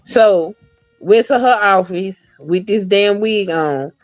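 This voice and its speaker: A woman talking in a casual podcast chat, blunt and profane, telling animated stories. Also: mid-range voice, slow pace, no room sound, faint music behind, poor audio.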